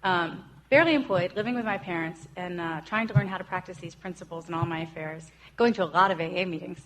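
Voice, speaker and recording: A woman's voice: on the low side, fast, noisy background. Woman telling her recovery story. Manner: earnest storytelling, acts out quoted voices. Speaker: recovery speaker. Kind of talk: personal recovery talk.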